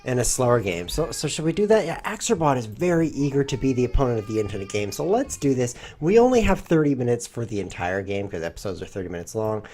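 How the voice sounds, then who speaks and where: Husky man thinking aloud over chess. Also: medium pitch, expressive, fast, few pauses, warm tone, soft background music. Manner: rambling, playful, thinking aloud. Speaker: chess streamer. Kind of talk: live chess commentary.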